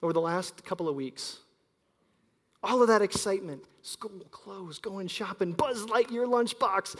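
Pastor guy in his 30s preaching, storytelling style, goes loud then hushed, echoey church hall. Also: high voice, measured pace. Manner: storytelling preacher, shifts between loud emphasis and quiet. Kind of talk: sermon. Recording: long hall reverb.

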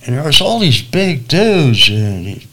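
A man preacher telling a personal story in a lively, animated way, acting out the voices of people in it. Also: medium pitch, slow, slight background noise. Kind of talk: storytelling testimony.

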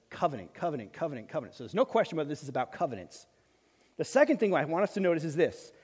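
Male pastor, high voice, emphatic sermon delivery with loud-soft swings, long hall reverb. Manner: emphatic, swings between loud bursts and quiet asides.

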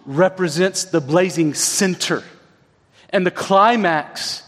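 A man with a high-pitched voice delivers a sermon in a chatty, conversational way, often tossing in quick tag questions to his listeners. His voice rings out with a long reverb, as if in a large church sanctuary. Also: a bit bright. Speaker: preacher.

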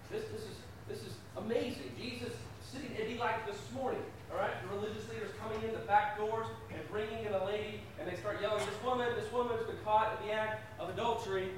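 A man's voice: high voice, slight background noise. A man preaching a sermon at a church service into a microphone, talking conversationally, asking the congregation questions and often repeating his first words. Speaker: pastor. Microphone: handheld or stand microphone.

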